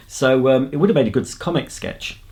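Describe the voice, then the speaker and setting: A man's voice: mid-range voice, a little fast, a little mellow. An English man vlogging in a casual chat, rambling along as he tells a story. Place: outdoors on a countryside path.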